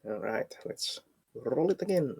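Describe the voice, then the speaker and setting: A man's voice: medium pitch, animated, unhurried, gravelly, darkish tone, breathy edge. A man playing a wizard in a tabletop game over a voice call, thinking aloud as he picks his moves. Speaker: player.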